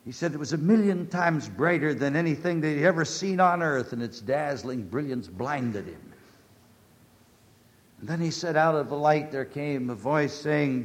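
A male preacher giving a sermon and telling a story, swinging between loud declarations and hushed, near-whispered lines. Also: a little high, lively intonation, normal speed.

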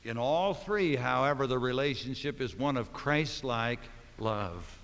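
Dramatic preacher in a reverberant hall. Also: male voice, medium pitch, lively intonation. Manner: dramatic swings between soft and loud, slowing for emphasis. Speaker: pastor. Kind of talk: sermon. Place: church sanctuary.

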